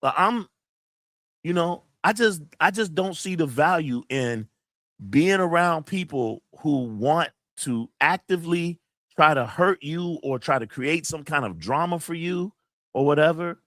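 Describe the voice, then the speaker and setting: Unhurried yet animated, this channel host speaks in a fairly high, fairly bright voice over clean, dry studio audio. Close to tears, he vents bluntly and profanely to camera during a casual livestream, reading chat messages aloud.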